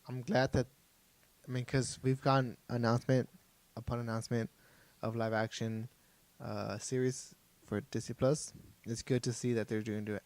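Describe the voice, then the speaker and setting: A man co-hosting a casual podcast chat, excitable and stammering, swearing at times. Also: mid-range voice. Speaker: podcast co-host.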